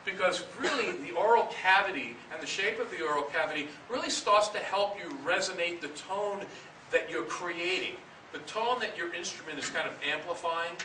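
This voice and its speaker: High-voiced guy teaching breathing drills, counts out loud, roomy echo and hiss behind him. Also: normal speed. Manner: patient, repeats key phrases, counts aloud. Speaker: band director teaching breathing. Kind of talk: instructional talk to students. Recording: echoey room, distant mic, noisy.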